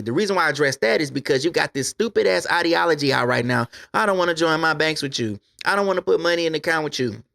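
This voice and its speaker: A gravelly American man co-hosting a podcast, his voice a little higher than most. He lectures in an opinionated, profane way, laying out his views without holding back. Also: a bit bright. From USA. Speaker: podcast co-host. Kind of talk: casual podcast discussion.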